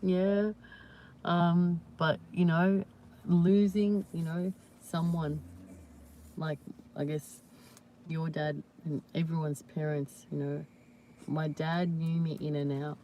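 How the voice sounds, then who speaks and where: A woman hosting a casual live chat with viewers, talking warmly and reassuringly with many "you know"s and "yeah"s. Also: low voice, level tone, takes it slowly, muffled recording, a little hiss or hum. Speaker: livestream host.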